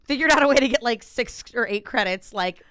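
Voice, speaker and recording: A woman in her thirties talks fast in a casual podcast chat, with a close, dry sound and no room around her voice. She tells self-deprecating stories in an easy, chatty way. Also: fairly high pitch, lively intonation, a bit bright, clean tone, dry recording. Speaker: podcast guest.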